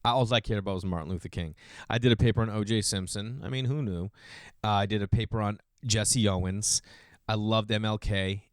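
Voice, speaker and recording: A man in his forties telling rambling, self-deprecating stories in a casual monologue, clearing his throat now and then. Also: a little fast, no echo, clean studio sound. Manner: rambling, self-deprecating, gets louder and higher when excited. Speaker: podcast host.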